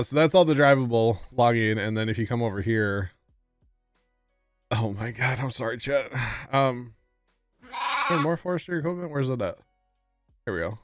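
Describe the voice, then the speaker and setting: A man with a medium-pitched voice livestreams a farming game, giving casual commentary and chatting with viewers, often apologizing with a laugh. The recording is dry.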